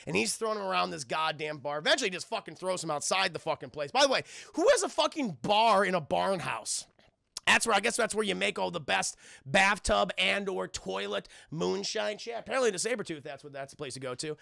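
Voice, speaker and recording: A sarcastic male streamer rants through a film scene by scene and talks straight to his chat. His voice is high and heavily gravelly. It comes across bright and tense, in a dry, close sound. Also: a little fast, no room sound. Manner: profane and animated, often addressing the chat. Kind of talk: casual live-stream film recap.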